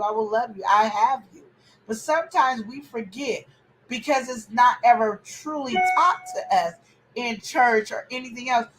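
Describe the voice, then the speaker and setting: A woman hosting a family podcast chat, talking in an animated, opinionated way with preachy outbursts. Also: fairly high pitch, poor audio. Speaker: podcast host.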